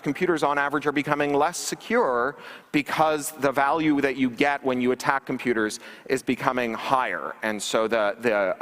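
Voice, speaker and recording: A man's voice: medium pitch, fairly bright tone. A man giving a conference keynote talk, emphatic and wry, with sarcastic asides, recorded from a livestream on a large stage. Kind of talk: public lecture. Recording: reverberant hall livestream capture.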